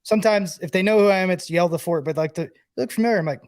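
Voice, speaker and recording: A former player turned broadcaster co-hosts a sports podcast, talking loosely and rambling with plenty of "like" in his sentences. His speaking voice is notably high yet darkish in tone, and he talks very fast.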